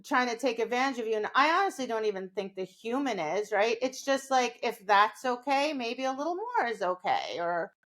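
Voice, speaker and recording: Podcast co-host, a woman with a slightly high voice, explanatory and chatty, tag questions throughout. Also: big pitch swings, normal speed, few pauses, fairly bright tone. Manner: explanatory, often adds a tag "right?". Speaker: dog trainer and podcast co-host. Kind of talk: casual podcast conversation.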